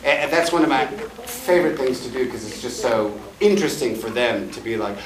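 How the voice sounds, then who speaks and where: A man teaching a voice-acting panel at a convention, animated and joking as he demonstrates sounds and takes questions from the audience. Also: mid-range voice, a little fast, crowd noise. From Chicago. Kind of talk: lively panel talk with audience Q&A. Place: large convention panel room. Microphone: fan camera from the audience, far from the speaker. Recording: echoey hall recorded from far off.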